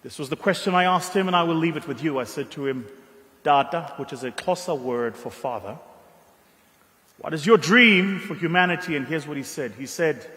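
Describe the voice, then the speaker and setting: A man's voice: a little high, expressive, bright, forceful tone. South African man giving a keynote. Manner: storytelling, dramatic pauses, emphatic. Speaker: keynote speaker. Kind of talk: motivational keynote speech. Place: large ballroom. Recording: long hall reverb.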